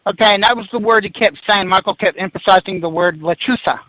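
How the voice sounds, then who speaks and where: A man in his fifties, a podcast guest, telling a spooky story in an animated, excitable way, restarting sentences and laughing as he goes. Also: high-pitched, fast talker, no room sound, poor audio. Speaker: guest paranormal investigator.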